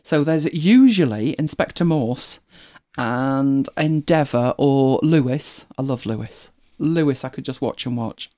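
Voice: mid-range voice, a little slow, few pauses, mellow. A host chatting casually to viewers on a livestream, rambling and correcting themselves as they go. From United Kingdom. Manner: chatty, rambling, self-correcting, laughs often.

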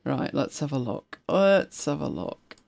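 Her voice is a rumbling low, gravelly and a little mellow, very animated yet unhurried. This British woman co-hosts a casual chat stream with sarcasm and chatter, frequently laughing and thinking aloud while she reads.

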